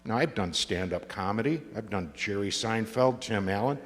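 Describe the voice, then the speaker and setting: A man's voice: lowish voice, expressive, moderate pace. A man giving a testimony talk, telling his story with comic timing and acting out the voices of the people he quotes. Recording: long reverb of a large hall.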